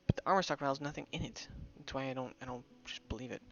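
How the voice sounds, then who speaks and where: A man's voice: medium pitch, rapid-fire, highs cut off, over music. A young man chatting loosely while streaming a game, rambling with many restarts. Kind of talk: casual gameplay commentary.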